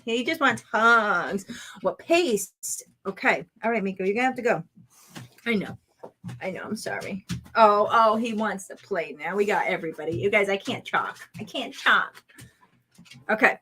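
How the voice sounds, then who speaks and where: A woman's voice: mid-range voice, lively intonation, moderate pace, sharp tone, husky. A woman hosting a crafting vlog from home, chatting casually and rambling to her viewers while she works.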